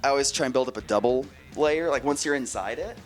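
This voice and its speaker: A young man, a band member, telling stories in casual chat, lively and jumping into loud high voices when quoting people. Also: fast, soft background music. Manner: animated, jumps into loud high voices for quotes. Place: outdoor festival grounds.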